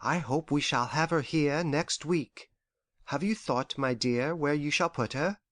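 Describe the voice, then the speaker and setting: An actor playing a gentle, anxious elderly father who frets and complains softly in an audiobook. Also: on the high side, unhurried, dry recording, clean studio sound. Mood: fretful. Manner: worried, lingering, softly complaining. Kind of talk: audiobook character voice.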